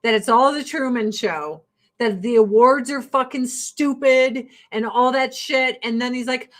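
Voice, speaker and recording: As she gets ready, a Midwestern woman from rural Illinois chats casually with her viewers as vlogger and host. Blunt and profane, she laughs frequently, speaking at a measured pace in a fairly high voice.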